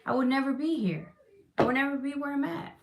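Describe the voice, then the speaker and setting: A woman with a fairly high voice leads a live tarot reading and talks straight to her viewers. She speaks with emphatic reassurance, repeats her key phrases and swears in a casual way. Her delivery runs emotional, and she often sounds close to tears. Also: a little fast, gravelly. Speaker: tarot reader.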